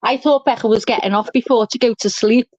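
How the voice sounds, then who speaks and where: A woman hosting a livestream, chatting casually and telling stories in an animated, talkative way. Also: fairly high pitch, brisk, dry recording. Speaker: livestream host. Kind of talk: casual chat. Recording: dull dry lo-fi stream audio.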